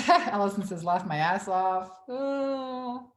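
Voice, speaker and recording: A woman's voice: medium pitch, animated, takes it slowly. A young adult woman coaching on a livestream, casually reading viewer comments aloud and swearing freely as she talks. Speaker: business coach hosting a livestream Q&A. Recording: echoey room.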